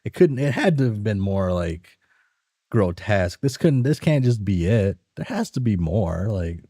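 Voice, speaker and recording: Casual male streamer, slow and swear-prone, lively pitch, dry close sound. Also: no echo. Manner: swears freely, loose and musing. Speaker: streamer reading a webcomic aloud.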